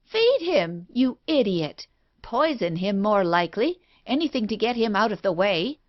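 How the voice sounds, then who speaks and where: A woman reading an audiobook, voicing a frantic, guilty woman accomplice in a shrill voice on a dull, lo-fi recording. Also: lively intonation, normal speed, close to an everyday voice. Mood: shrieking.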